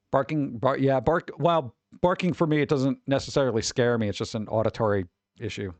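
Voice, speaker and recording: A young man streaming, chatting casually while reacting to pet pictures, animated and chuckling, sometimes putting on funny voices for the animals. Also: mid-range voice, moderate pace, no echo.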